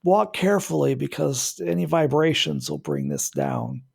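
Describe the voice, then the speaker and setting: A fussy old engineer neighbor on a cane, put on by a man running a tabletop game, speaking in a folksy drawl. His voice is husky and a touch gravelly. He explains things slowly, like a patient grandfather. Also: mid-range voice, wildly swooping pitch, darkish tone, heavily acted. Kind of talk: tabletop role-play.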